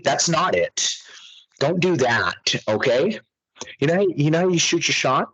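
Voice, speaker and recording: A man's voice: fairly high pitch, animated, measured pace, fairly bright tone, breathy edge, rough recording. A man co-hosting a podcast, talking casually in a profane, ranting way. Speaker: podcast co-host.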